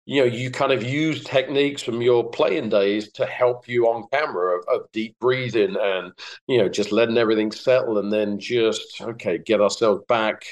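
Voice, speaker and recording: A middle-aged man from England, a golf broadcaster appearing as a podcast guest, talks at normal speed in a mid-range voice over poor audio. In this casual chat he tells relaxed anecdotes with plenty of filler words.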